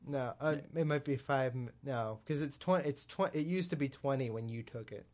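A man's voice: medium pitch, moderate pace, darkish tone. A young man co-hosting a casual talk show, telling a story and acting out both sides of a phone call. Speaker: podcast co-host.

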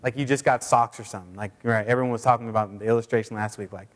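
A man's voice: fairly low pitch, fairly even intonation, racing. Casual preaching man in a reverberant hall. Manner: conversational preaching with many fillers and repeats. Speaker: pastor. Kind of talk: sermon and prayer. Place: church sanctuary.

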